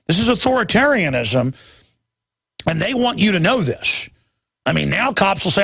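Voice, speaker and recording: A male talk radio host rants with heat and emphasis, stumbling over restarts as he pushes on. His voice is gravelly and a little higher than usual. The sound is dry and close. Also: sing-song, moderate pace, fairly bright tone, dry recording. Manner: heated, emphatic, stammering restarts. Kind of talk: ranting talk radio monologue.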